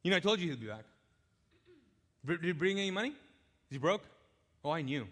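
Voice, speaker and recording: A man's voice: on the high side, sing-song, brisk, fairly bright tone. A man, a pastor, acting out a resentful grown older brother who sputters incredulous questions, in a church sermon. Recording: live church hall with long reverb.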